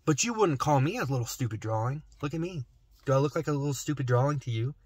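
A man's voice: medium pitch, animated, fast, darkish tone, husky, dry recording, studio quality. Rambling man vlogging from a parked car. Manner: rambling, joking, mumbles asides. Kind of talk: rambling comedic car vlog.

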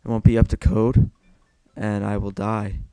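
A man's voice: on the low side, flat delivery, unhurried, warm tone, clear, resonant tone, no echo. A young man giving casual solo gameplay commentary, self-mocking and swearing a lot as he mutters to himself.

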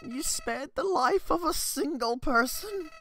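A man's voice: very high voice, wildly swooping pitch, measured pace, sharp tone, slight background noise, pitched above the performer's own voice, heavily acted. A man voicing a smug, sinister male talking flower from a game, in a mocking, sneering tone.

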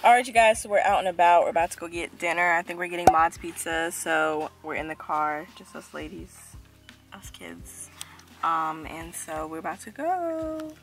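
A young woman co-hosting a casual family vlog, playful and quick to argue back. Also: lowish voice, music in the background. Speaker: vlog co-host, daughter.

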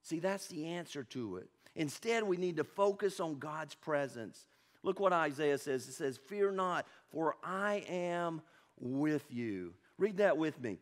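A male pastor with a fairly high voice delivers an impassioned sermon in a church sanctuary. He drops to near-hushed stretches, then climbs to loud, emphatic peaks. He keeps throwing questions out to the congregation. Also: lively intonation, unhurried. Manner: fervent preaching, swings from hushed to loud.

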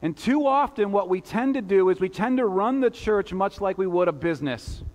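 The pastor's voice is high, a little mellow and lively in intonation, moving at a moderate pace. He preaches conversationally in a church sanctuary with rhetorical asides to the congregation, and the recording carries a long church reverb.

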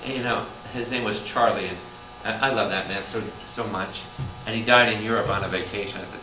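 A man, a Catholic priest, teaching a lively Bible study, firing questions at his listeners and breaking into loud exclamations. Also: fairly low pitch, brisk, few pauses, faint music behind. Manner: animated, quizzes the audience with constant questions, bursts into loud exclamations. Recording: echoey room, distant mic, audible background noise.

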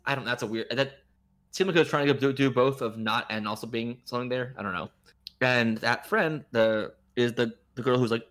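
A man co-hosting a podcast, recapping a movie in a rambling, animated way with many restarts. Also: medium pitch, brisk. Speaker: podcast co-host. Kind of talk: casual chat.

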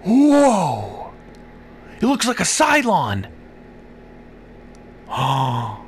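A man giving casual gameplay commentary as a gaming channel host, excitable and swearing, swinging from muttered whispers to loud whoops. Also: medium pitch, takes it slowly, pauses often, slight background noise. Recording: voice over loud game music. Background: game music.

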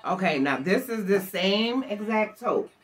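A woman's voice: mid-range voice, measured pace. An older woman from Buffalo, New York, chatting to camera alone at home and talking straight to her viewers. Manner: chatty, animated, addresses viewers directly. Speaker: thrift haul vlogger. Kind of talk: casual chat to camera.

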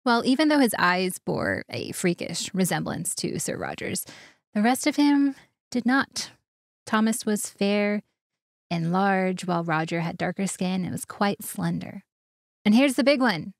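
A woman's voice: medium pitch, very animated, unhurried, vocal fry, no echo, clean studio sound. A woman co-hosting a casual podcast, leading the story from her notes and laughing often. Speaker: podcast co-host.

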